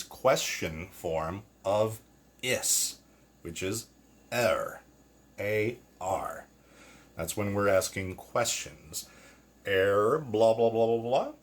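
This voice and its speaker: Guy doing a slow, chatty grammar lesson, kinda husky, voice goes up and down a lot. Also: fairly low pitch, a bit bright. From Ireland. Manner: chatty, patient, asks and answers own questions. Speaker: language teacher. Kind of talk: explaining grammar to camera.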